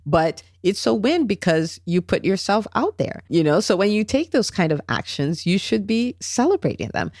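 A woman hosting a solo podcast, coaching in an animated, chatty way and checking in with "right?" and "okay?". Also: medium pitch, normal speed, few pauses, no room sound, studio quality. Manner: animated, acts out quoted voices, tag questions. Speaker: podcast host, business coach.

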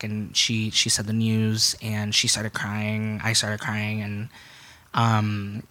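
A man's voice: lowish voice, completely flat delivery, slow, bright, forceful tone. A young man telling a personal story as a podcast guest, speaking frankly, swearing freely and acting out what other people said. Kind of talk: candid conversational storytelling.

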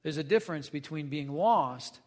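Guy preaching a sermon, kinda high voice, chatty, lots of questions to the crowd, long echo in the room. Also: animated, normal speed, a little mellow. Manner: conversational preaching, reads scripture then asks the congregation questions. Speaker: pastor. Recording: long hall reverb.

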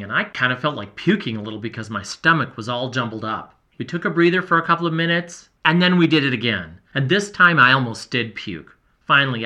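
A man voicing an earnest boy explorer who tells his journal everything, in a lively, emotional, confiding first-person delivery. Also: mid-range voice. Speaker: narrator. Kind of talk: first-person audio storytelling.

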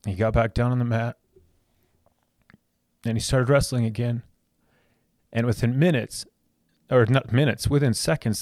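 A man in his thirties tells a personal story on his own podcast, his low voice earnest and heartfelt. He stumbles and repeats words as he goes, and the recording is dry, close and free of any room echo. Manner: heartfelt, repetitive restarts. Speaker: podcast host.

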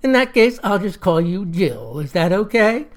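A woman voicing a gracious wife who speaks politely and warmly to a guest. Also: mid-range voice, sing-song, normal speed, lightly acted. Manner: polite, welcoming.

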